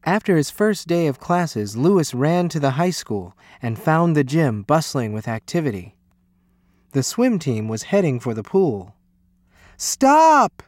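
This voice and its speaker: Animated male storybook reader. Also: fairly high pitch, a little slow, dry recording. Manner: expressive, animated reading. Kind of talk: storybook read-aloud.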